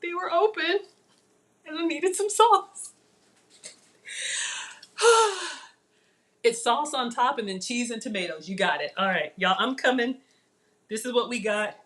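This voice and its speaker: A woman hosts a live cooking class and chats warmly with her viewers as she works. Her voice sits fairly high, and she is playful and teases herself. She talks in a lively, animated way. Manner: chatty and animated, talking to viewers while cooking; playful, self-teasing. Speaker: cooking livestream host. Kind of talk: chatty live cooking demo.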